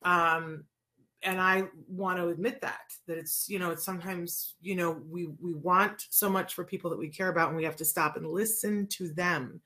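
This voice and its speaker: Woman, forties, live-stream host, chatty, lots of fillers, lowish voice. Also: fairly even intonation, moderate pace. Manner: chatty and warm, many fillers. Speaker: host of a live autism show and podcast. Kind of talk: casual live-stream talk. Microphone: live-stream mic.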